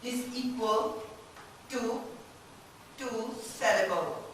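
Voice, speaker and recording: Woman lecturer, slow and halting, questions the class; heavy room echo. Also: on the high side. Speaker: literature lecturer. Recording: very echoey room, distant mic, faint noise.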